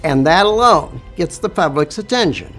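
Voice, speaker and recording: A middle-aged man with a Southern accent, telling his story in an interview with a slow, drawn-out delivery. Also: fairly high pitch, big pitch swings, a bit bright, faint music behind. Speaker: business owner.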